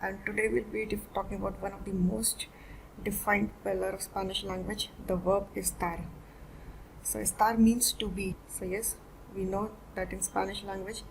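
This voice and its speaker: A woman's voice: mid-range voice, creaky, slight background noise, rough recording. A woman teaching a beginner Spanish lesson, explaining each point step by step and repeating every word form twice.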